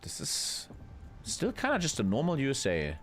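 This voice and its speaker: A man's voice: mid-range voice, wildly swooping pitch, normal speed, a little hiss or hum. A man casting a multiplayer strategy game on a live stream, chatty and swearing freely as he talks to his chat. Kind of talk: casual live-stream commentary.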